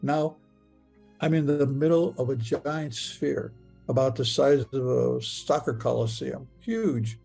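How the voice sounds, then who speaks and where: Gravelly guy recounting his own story, stammers and repeats himself a lot. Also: medium pitch, mellow, soft background music. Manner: halting, stammering, repeats words. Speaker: near-death experience witness. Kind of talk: first-person retelling in the present tense.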